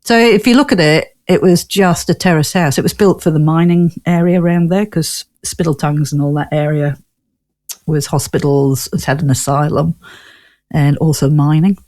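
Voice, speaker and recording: A woman's voice: deep voice, fairly even intonation, normal speed, a little mellow. Chatty northern English woman. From Newcastle, England. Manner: chatty, laughs often, rambling storyteller. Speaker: guest, ghost tour owner. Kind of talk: casual interview chat.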